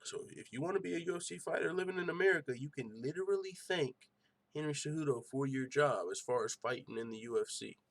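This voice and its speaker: A young man hosting a casual MMA show, ranting in an animated, profane way. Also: on the high side, quick pace, creaky. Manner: animated, profane, excitable rants. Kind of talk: casual podcast commentary.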